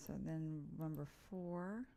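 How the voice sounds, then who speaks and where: A woman with a low voice and a gravelly edge hosts an informal live weather update. She talks through storm warnings in a relaxed, chatty way, reading out place names as she goes. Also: slow. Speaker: weather presenter.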